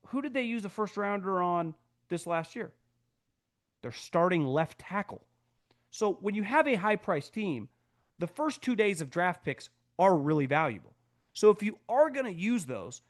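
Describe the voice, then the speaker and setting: Opinionated man in a live sports reaction. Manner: animated, opinionated, acts out quotes with pitch jumps. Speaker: podcast host, former NFL scout.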